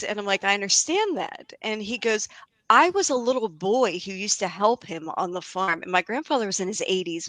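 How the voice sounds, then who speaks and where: A woman's voice: mid-range voice, no room sound. A woman guest on a video call, animatedly telling a story with lots of fillers. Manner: animated, chatty with many fillers. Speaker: guest medium.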